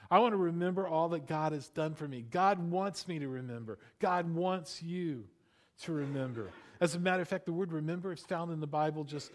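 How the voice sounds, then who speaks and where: A middle-aged male pastor preaching a sermon, animated, with playful asides and rhetorical questions to the congregation. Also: a little high.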